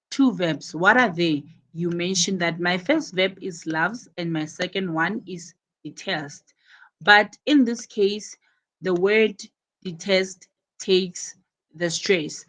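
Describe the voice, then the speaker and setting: A woman's voice: on the low side, fairly bright tone, poor audio. A woman teaching an English pronunciation lesson to students, patiently repeating and stressing key words as she explains.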